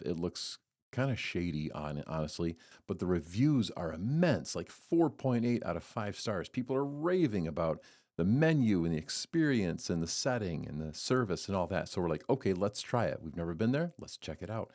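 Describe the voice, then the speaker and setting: A man hosting a devotional podcast, talking in an earnest, storytelling way with lively swings. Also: sits low, normal speed. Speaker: podcast host giving a devotional. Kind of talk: casual devotional talk.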